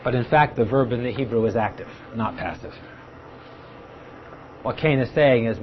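In a dull, lo-fi recording with faint ambience and a bit of hiss or hum, a man patiently explains scripture at a Bible study, sometimes performing the quoted speakers. He speaks at medium pitch and a moderate pace, pausing often.

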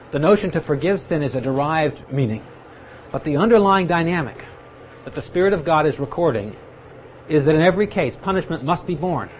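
A man's voice: fairly high pitch, slight background noise. A man teaching a Bible study, explaining patiently and now and then acting out the people he quotes. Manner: explanatory, acts out quoted speakers. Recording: dull lo-fi recording with faint ambience.

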